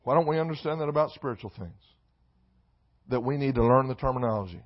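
A man preaching a sermon in a church, mixing loud emphatic lines with comic asides. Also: medium pitch, lively intonation, fast, muffled recording. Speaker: pastor. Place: church sanctuary.

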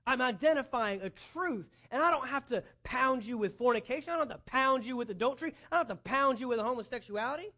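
High-voiced man preaching a sermon. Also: expressive, fast, few pauses, sharp tone. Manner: earnest preaching with rising emphasis, quoting imagined dialogue. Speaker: pastor.

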